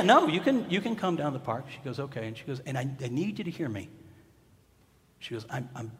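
A man preaching a sermon in a church, conversational and joking, rising to loud emphatic bursts. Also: mid-range voice, in a large hall, a little hiss or hum. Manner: humorous, conversational, builds to loud emphatic peaks. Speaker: pastor. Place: church sanctuary.

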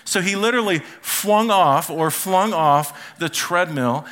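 This middle-aged man's voice sits on the high side and moves a little slowly, with a fairly bright tone. He's a pastor delivering a sermon in a church auditorium, recounting family tales while performing his relatives' voices.

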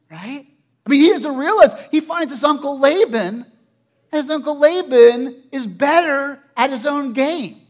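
A man with a very high voice preaches a sermon. He tells the story with animated asides and rhetorical questions, slipping into voices for the people in it. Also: unhurried.

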